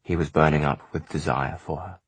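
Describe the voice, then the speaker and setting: A man narrating an audiobook in a measured, even storytelling manner. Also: very deep voice, husky, no room sound.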